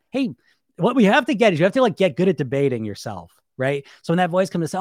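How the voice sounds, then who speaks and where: A man's voice: on the high side, fast, dry recording, clean studio sound. A man coaching on weight loss in a casual live stream, talking animatedly and acting out the voices in people's heads. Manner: animated, acts out inner voices in shifting tones.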